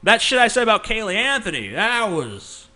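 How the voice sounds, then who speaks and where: A man putting on a whiny, defensive grown man, pitched up and loud with a bright, sharp tone. He sing-songs his excuses in an exaggerated way. The voice mocks itself as it goes. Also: big pitch swings, moderate pace, exaggerated voice. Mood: mocking. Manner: mocking, sing-song, exaggerated.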